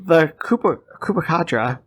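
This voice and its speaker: A man's voice: on the high side, lively intonation, normal speed, a crowd in the background. A man, a guest podcast host, reading a story aloud while stumbling over words and laughing at himself. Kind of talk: casual chat, reading a story.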